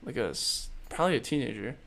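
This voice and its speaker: A young man talks loosely on his podcast, circling his point with fillers and restarts. His voice sits at an everyday middle pitch. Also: lively intonation, fast talker, creaky, fairly bright tone. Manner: rambling, many fillers. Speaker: podcast host. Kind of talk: casual chat.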